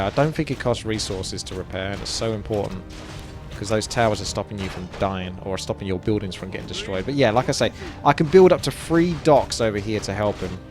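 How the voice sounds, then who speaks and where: A young man with a chatty manner, explaining strategy as he plays and commentates on a strategy game. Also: on the low side. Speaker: gameplay commentator. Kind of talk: casual gameplay commentary. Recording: game music underneath.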